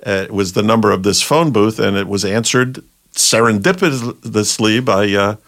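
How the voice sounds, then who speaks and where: A man's voice: on the low side, normal speed, a bit bright. An older man spins showbiz anecdotes in a loose, rambling way. He doubles back on his words and laughs along with his own punchlines. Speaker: guest storyteller, comedy writer. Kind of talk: casual anecdote telling.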